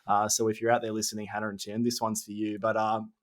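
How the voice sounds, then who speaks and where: A man, a wedding photographer co-hosting a podcast, telling stories in a laughing, animated way. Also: fairly low pitch, fast. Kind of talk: casual podcast chat.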